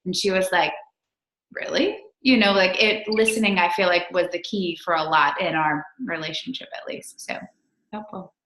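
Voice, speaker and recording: A woman's voice: on the low side, steady tone, normal speed, fairly bright tone, a little hiss or hum. A mother on a coaching call telling a candid, reflective story about her family. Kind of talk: casual personal story. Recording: echoey room.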